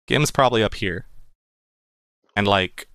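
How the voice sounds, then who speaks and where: Man game master talking shop on character voices, smooth clear voice, dry close sound. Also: on the low side, a little slow, a bit bright, no echo. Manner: thoughtful, thinking aloud with restarts. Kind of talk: casual chat about character voices.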